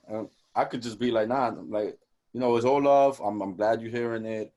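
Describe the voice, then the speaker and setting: A young man co-hosting a casual podcast, talking in animated, profane street slang and acting out quoted conversations. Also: mid-range voice, moderate pace. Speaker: podcast co-host.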